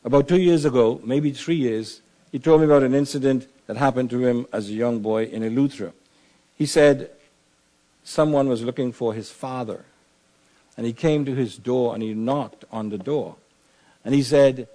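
A man gives a funeral eulogy at a middle pitch. His voice is dark and mellow. He speaks in a measured, solemn way and presses hard on the key lines like a preacher.

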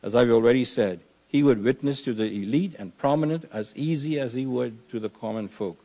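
A man delivering a funeral eulogy, measured and solemn, building to emphatic preaching. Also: mid-range voice, mellow.

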